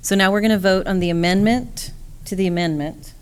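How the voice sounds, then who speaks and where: A woman chairing a school board meeting, moving briskly through procedure and votes. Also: medium pitch, smooth. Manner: brisk procedural, casual asides.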